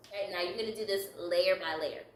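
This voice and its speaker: A woman's voice: medium pitch, quick pace, echoey room, far from the mic, slight background noise, low-quality recording. A woman leading a step-by-step craft tutorial, upbeat and encouraging, laughing lightly at her own slips. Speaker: craft instructor.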